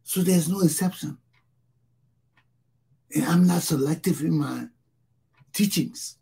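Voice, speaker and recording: A man's voice: fairly high pitch, slow, vocal fry, mellow, breathy edge. A Liberian man hosting his own talk show, speaking in an impassioned solo monologue and repeating phrases for emphasis.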